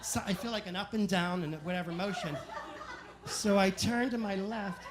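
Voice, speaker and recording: A man telling animated, self-mocking stories as a stand-up comedian on a club stage. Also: high-pitched, crowd noise, background noise. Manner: animated, self-mocking anecdotes with quick asides. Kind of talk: stand-up storytelling.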